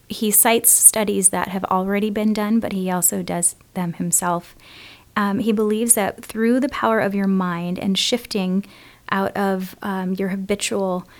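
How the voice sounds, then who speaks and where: A woman's voice: mid-range voice, a little mellow. A woman co-hosting a podcast, talking in a chatty, enthusiastic way and laughing easily. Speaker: podcast co-host. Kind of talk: casual conversation.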